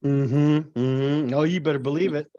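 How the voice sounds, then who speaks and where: A man hosting a discussion series, speaking calmly and affirming his guest with brief interjections. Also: a little high, unhurried, no echo, lo-fi sound. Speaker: host of a reading and discussion series. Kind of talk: casual hosted discussion.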